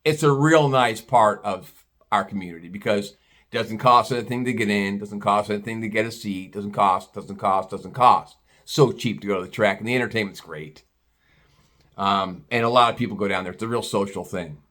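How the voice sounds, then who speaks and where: A man's voice: lowish voice, moderate pace, fairly bright tone. A middle-aged American man telling a rambling personal story in casual talk, blunt and swearing freely. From United States. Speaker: vlogger.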